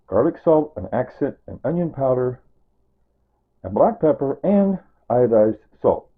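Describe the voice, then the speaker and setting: A cooking vlogger with a medium-pitched, slightly rough voice chats casually about his home cooking, heard through tinny, phone-like audio. He rambles in kitchen talk, repeating and correcting himself as he goes.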